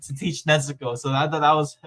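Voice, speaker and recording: A man hosting a casual podcast, chatting and recapping scenes in an animated way, often laughing as he retells them. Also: on the high side, brisk. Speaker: podcast host.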